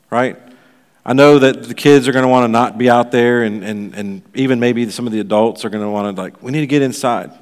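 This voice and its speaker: A pastor giving a sermon, telling a story in a loose, conversational way full of fillers. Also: male voice, medium pitch, big-room sound.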